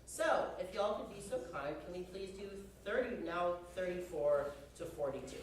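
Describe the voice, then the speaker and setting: A man's voice: high-pitched, animated, normal speed, slight background noise. A young man conducting a band rehearsal, chatty and joking as he gives instructions. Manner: chatty, joking, uses y'all. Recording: very echoey hall from far off.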